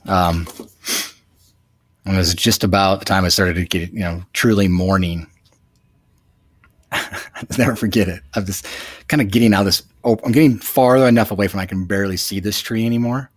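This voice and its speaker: Give me a deep-voiced man recounting a memory, halting and thoughtful, with a dry close sound. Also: steady tone, dry recording. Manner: reflective, halting with many fillers. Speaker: guest telling a personal story. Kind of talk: casual storytelling.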